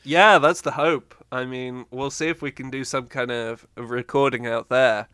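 A podcast co-host chats casually in a mid-range voice that's pushed and bright, with fairly even intonation and a measured pace. He's wry and rambling, using lots of fillers and restarts. The sound is clear and resonant, studio quality with no room sound.

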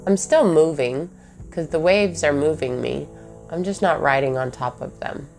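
A woman's voice: deep voice, moderate pace, vocal fry, a little mellow, soft background music. A woman thinking aloud in a reflective personal monologue, with many fillers and questions to herself.

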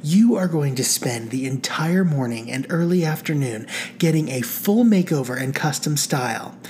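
A woman voicing an eager, gossipy woman friend, bubbly and excited. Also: deep voice, normal speed.

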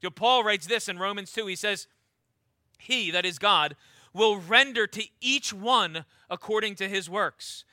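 A man's voice: sits high, measured pace, pushed and bright, dry recording. A man preaching a sermon. He reads scripture aloud and drags out the key words for emphasis.

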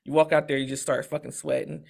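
A woman co-hosting a podcast, telling a story in a profane, animated, casual way. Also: sits low, fast talker, creaky. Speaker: podcast co-host. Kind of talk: casual chat.

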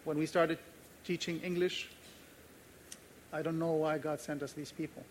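A man's voice: fairly high pitch, level tone, normal speed, a little hiss or hum. A man pastor preaching a sermon, earnest and emphatic, repeating key phrases and telling personal stories.

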